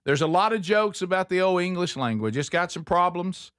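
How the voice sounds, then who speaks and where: A man's voice: sits high, lively intonation, fairly quick, a bit bright, smooth, dry recording, studio quality. A man hosting a talk show, chatting casually and folksily with his co-hosts, full of "uh" and "um". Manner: folksy, filler-heavy, calls co-hosts by name. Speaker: radio show host. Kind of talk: casual morning show banter.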